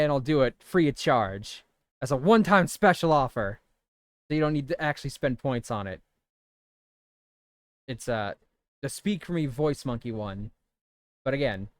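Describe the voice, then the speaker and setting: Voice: medium pitch, animated, normal speed, pauses often, no echo, clean studio sound. A streamer in their thirties chatting casually and rambling while playing a video game. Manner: chatty, self-amused, rambling.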